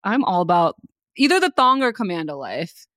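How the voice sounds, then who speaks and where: A woman's voice: on the low side, very animated, moderate pace, fairly bright tone, no echo, clean studio sound. A young woman co-hosting a podcast in casual chat, laughing often and swearing casually. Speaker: podcast co-host.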